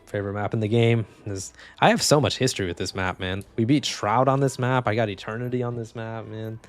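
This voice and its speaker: A man's voice: on the low side, brisk, soft background music. A young man talking casually while playing a video game, joking, rambling and swearing freely. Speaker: gaming streamer. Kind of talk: casual gameplay commentary.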